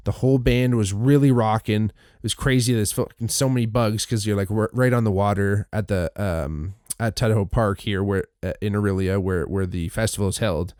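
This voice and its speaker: A man's voice: fairly low pitch, normal speed, few pauses, a little mellow, smooth, no room sound, studio quality. A male podcast host casually recounting a festival weekend, rambling with frequent restarts, fillers and swearing. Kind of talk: casual solo recap.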